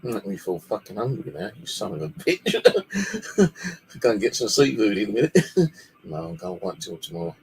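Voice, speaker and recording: A man's voice: on the low side, expressive, fairly quick, slight background noise, low-quality recording. A man from the UK, telling a long story in a casual, rambling way and swearing freely, speaking alone in his bedroom. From United Kingdom. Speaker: paranormal channel host.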